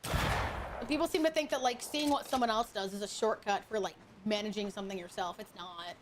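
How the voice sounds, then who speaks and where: A woman's voice: medium pitch, fairly quick, slight background noise. A woman VTuber chatting casually while gaming, swearing freely and greeting viewers with affection. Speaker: VTuber streamer. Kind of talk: casual gaming stream chat.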